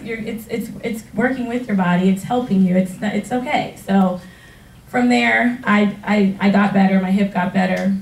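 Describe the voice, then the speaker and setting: A woman, a retired track athlete, tells her story in a personal testimonial, animated and laughing often as she acts out past conversations. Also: mid-range voice. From United States. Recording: roomy sound from a distance.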